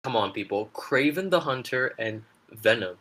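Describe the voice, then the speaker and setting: A man co-hosting a casual gaming chat, talking with excitable fan enthusiasm. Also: medium pitch, normal speed. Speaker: gaming channel co-host.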